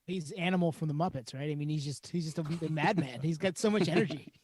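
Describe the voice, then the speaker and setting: A man's voice: a little high, fast talker, a little mellow, a little hiss or hum. A man co-hosting a podcast, chatting casually in an upbeat manner. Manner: upbeat, laughs easily. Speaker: podcast co-host.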